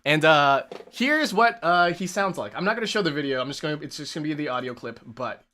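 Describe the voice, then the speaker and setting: A man hosting a casual live stream, animated and exasperated, who swears often and keeps laughing mid-sentence. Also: fairly high pitch, fast talker, slight background noise. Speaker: streamer host.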